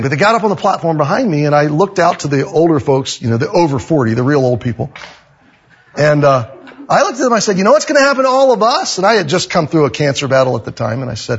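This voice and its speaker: A male pastor preaches with animated storytelling, acting out the dialogue himself. His voice is a little high and slightly rough, and the recording is slightly muffled.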